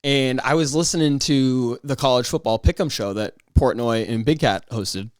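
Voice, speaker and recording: A man hosting a solo podcast, rambling in a casual, excitable way with frequent restarts and mock outrage. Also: mid-range voice, normal speed, clear, resonant tone, no room sound, clean studio sound. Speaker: podcast host.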